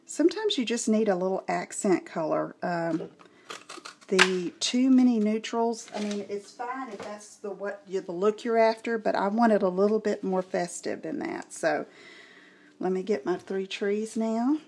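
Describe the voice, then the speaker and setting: A woman with a Texas Southern accent talks through a craft demonstration in a relaxed, unhurried way, thinking aloud as she goes. Her pitch sits in a middle range. A faint hiss runs under her voice, and soft clicks come from the tabletop. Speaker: craft tutorial host.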